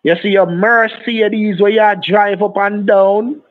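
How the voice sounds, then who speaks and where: A man's voice: high-pitched, steady tone, slow pace, no room sound. A man with a Jamaican accent, taunting and threatening over and over in a heated phone argument. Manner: taunting, threatening, repeats insults. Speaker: phone scammer. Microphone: phone call. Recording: dry tinny phone line.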